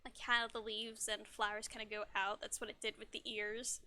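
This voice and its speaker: A woman's voice: medium pitch, flat delivery, moderate pace, sharp tone. A young woman streamer chatting casually, bubbly and giggly, often stumbling over her words. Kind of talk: casual livestream chat.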